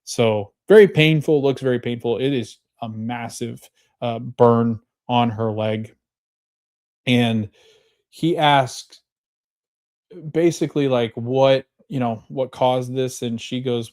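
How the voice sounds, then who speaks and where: A man hosting a podcast, casually recapping a TV episode with many fillers, pauses and self-corrections. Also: medium pitch, darkish tone. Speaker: podcast host.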